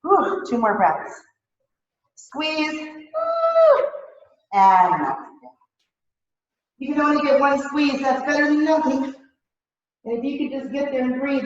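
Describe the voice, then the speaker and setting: A woman's voice: high voice, measured pace, pauses often. Female yoga instructor, slightly winded, casual coaching, distant mic, big studio echo, dull sound. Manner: relaxed, chatty, laughs at herself. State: out of breath. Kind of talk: guided yoga class instruction.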